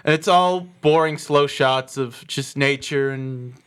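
A man's voice: mid-range voice, a little slow, a loud crowd. A man co-hosting a casual movie podcast, blunt and profane, who often slips into mocking put-on voices. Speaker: podcast co-host. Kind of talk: casual chat.

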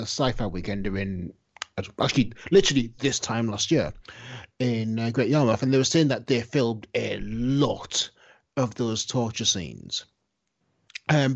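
Man, husky voice, podcast panelist, knowledgeable anecdotes, muffled recording. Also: medium pitch. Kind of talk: casual chat. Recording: dull lo-fi sound.

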